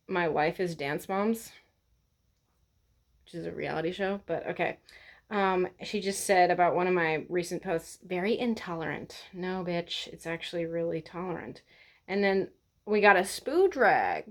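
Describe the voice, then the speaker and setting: A woman vlogger talking in a blunt, sarcastic, profane way as she rants to the camera. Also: on the low side. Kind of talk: casual ranting vlog.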